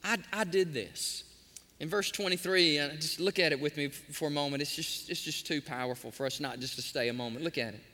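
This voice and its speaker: A man preaching a sermon as pastor, with an animated delivery. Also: a little high, fast, hardly any pauses, long reverb tail. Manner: animated preaching, sometimes softly sings hymn lines.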